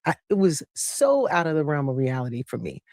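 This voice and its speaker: A woman from New Jersey, a guest telling a lively personal story in casual chat, acting out other people's voices and laughing often. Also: low-pitched, a little fast, no echo, clean studio sound.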